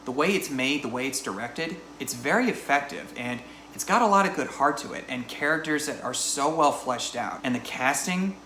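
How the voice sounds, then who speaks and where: A man's voice: medium pitch, expressive, normal speed, hardly any pauses, sharp tone, roomy sound, a little hiss or hum, low-quality recording. A man in his thirties giving a casual, chatty spoken movie review in an informal, conversational way. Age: 30s.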